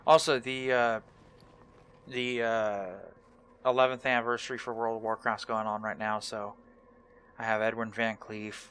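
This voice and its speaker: A man's voice: on the low side, flat delivery, unhurried, fairly bright tone, clean tone. Laid-back young man gaming. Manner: laid-back, self-mocking, rambling. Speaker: gaming channel host. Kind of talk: relaxed let's play commentary.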